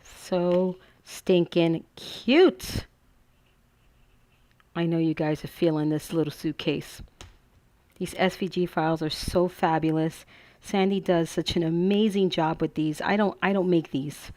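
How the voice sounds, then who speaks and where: A woman's voice: lowish voice, measured pace, mellow. Chatty, gushing woman teaching crafts. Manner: chatty and gushing, thinks aloud. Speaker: craft tutorial host. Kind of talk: casual crafting tutorial.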